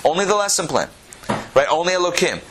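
A man teaching a Torah class, animated, repeating phrases and asking his listeners questions. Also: high voice, fast, slight background noise.

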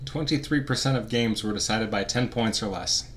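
Quizzing his co-host with teasing, playful energy, a male podcast host keeps the banter casual. His voice is lowish and fairly bright, moving at a moderate pace over slight background noise.

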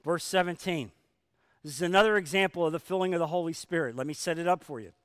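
Emphatic high-voiced preacher. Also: male voice, fast talker, smooth, dry recording, studio quality, in a large hall. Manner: emphatic, rhetorical questions, shifting loudness. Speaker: pastor. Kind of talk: sermon.

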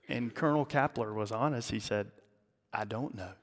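A male pastor telling a story in a sermon, dramatic, with his voice dropping low and hushed at the emotional peaks. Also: moderate pace. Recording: long hall reverb.

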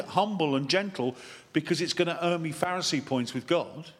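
A man, a vicar, giving a lively sermon that wanders into chatty, self-mocking asides. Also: on the high side, a little fast. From England. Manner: animated, chatty preaching with digressions and self-deprecating asides.

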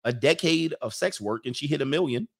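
A man's voice: medium pitch, animated, a little fast, gravelly, breathy edge. A man hosting a livestream, reading chat comments and mocking them in a brash, joking way.

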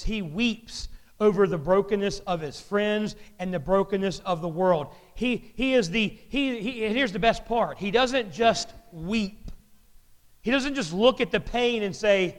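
Male pastor, sermon, blunt conversational delivery, fairly high voice, long hall reverb.

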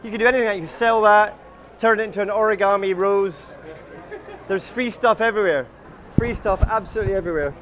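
A man's voice: high voice, fairly quick, fairly bright tone. A man leading a walking group outdoors on a city street, telling chatty, absurd comic stories and calling everyone guys. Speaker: comic tour guide.

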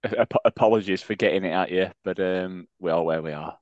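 Bloke on a podcast, lowish voice, dry jokey delivery, a bit muffled and lo-fi. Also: male voice, fairly quick, darkish tone, dry recording. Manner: dry, self-mocking humour. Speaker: podcast co-host. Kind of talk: casual chat. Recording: slightly dull, lo-fi sound.

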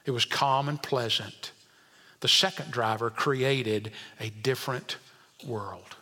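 A male pastor preaching a sermon, dropping to quiet asides and climbing to emphatic points while questioning the congregation. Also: mid-range voice, slow pace, big-room sound.

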